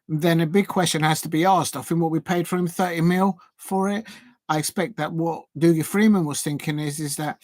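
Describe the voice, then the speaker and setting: A man hosting a live football watch-along, talking through viewers' comments in a rambling way, full of fillers and restarts. His voice sits a little high and the sound is dry and close, with no room around it. He breaks off now and then to shout at the action. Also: no room sound. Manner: sudden excited shouts at match action.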